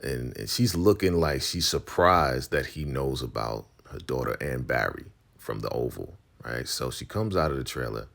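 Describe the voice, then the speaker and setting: A man casually recapping a TV episode in an animated storytelling way, acting out the characters. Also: very deep voice, moderate pace, vocal fry, few pauses. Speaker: YouTube recap host.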